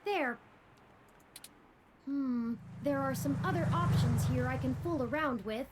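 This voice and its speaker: A woman voicing an earnest, curious robot companion in a video game, bright and wordy. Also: high voice, unhurried, very noisy. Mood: chipper.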